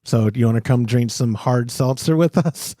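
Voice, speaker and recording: A man's voice: medium pitch, moderate pace, no room sound, clean studio sound. A man hosting a casual podcast, chatting loosely, plugging sponsors, laughing often and correcting himself mid-sentence. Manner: animated, laughs often, rambling self-corrections. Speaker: podcast host.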